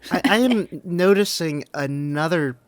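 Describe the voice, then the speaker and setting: An enthusiastic podcast co-host, talking through a book in casual chat. The voice rises and falls in a lively way, recorded close and dry with no room sound. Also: medium pitch, measured pace, dry recording. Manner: enthusiastic, thinks aloud about book details.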